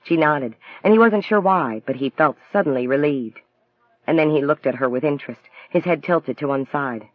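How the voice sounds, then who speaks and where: A man narrating a novel as an audiobook in an even, measured storytelling manner. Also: fairly high pitch, dry recording, highs cut off.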